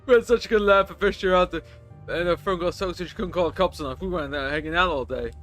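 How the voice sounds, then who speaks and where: A game streamer reading the lines of a chatty, rough male stranger on a bus, telling crude stories in a rambling way. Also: medium pitch, fast talker, fairly bright tone, soft background music, natural voice.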